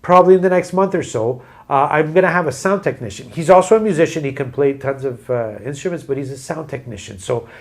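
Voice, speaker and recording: A man's voice: a little high, quick pace, gravelly, few pauses. A man hosting a podcast over a video call, chatting casually in a rambling, joking, self-deprecating way. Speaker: podcast host. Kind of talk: casual chat.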